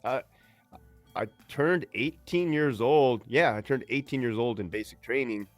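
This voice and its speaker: A man's voice: mid-range voice, measured pace, no room sound, faint music behind. Laid-back, salty-mouthed man in his forties. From California. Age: 40s. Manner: laid-back, slangy, profane. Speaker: guest, army veteran. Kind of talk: casual storytelling interview.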